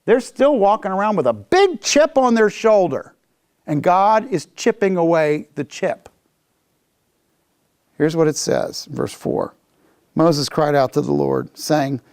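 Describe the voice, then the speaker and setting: Male Bible teacher, high and lively, acts out the complaints in his readings. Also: unhurried, gravelly, clear, resonant tone. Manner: animated, acts out people's complaints. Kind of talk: Bible class lecture.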